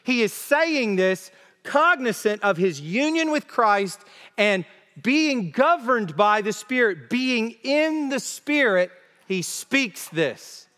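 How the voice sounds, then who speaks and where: A man preaching an expository sermon, emphatic and deliberate, repeating key phrases to drive them home. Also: very high-pitched, sing-song, bright, forceful tone. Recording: long reverb of a large hall.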